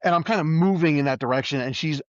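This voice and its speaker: A man's voice: a little high, fast talker, no echo. A middle-aged man, an emergency services worker, telling a story in casual conversation and acting out the quoted voices. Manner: animated, acts out quoted voices. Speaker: EMS professional and podcast guest. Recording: dull, dry close recording.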